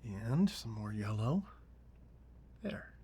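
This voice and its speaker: A man hosting a relaxed painting tutorial, talking through each brushstroke and often sinking to a near whisper as he works. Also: lowish voice, takes it slowly, slightly rough. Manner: soft-spoken, often dropping to a near whisper while working. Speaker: painting show host.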